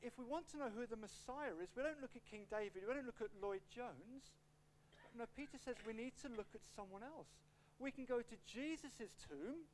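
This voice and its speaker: Man preaching a sermon, expressive and quick to switch tempo, quietly humming room. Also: extremely high pitch, a little hiss or hum. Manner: animated, acts out quotes, shifts pace a lot. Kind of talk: expository sermon with a personal story.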